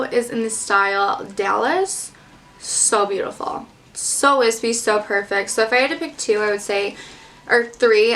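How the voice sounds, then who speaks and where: A woman's voice: mid-range voice, fairly bright tone, distant mic, a little hiss or hum. A young woman from the Detroit area, chatting casually about makeup in a bubbly way, full of "like" fillers. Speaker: beauty vlogger. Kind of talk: casual makeup chat to camera. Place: at home, in front of a mirror.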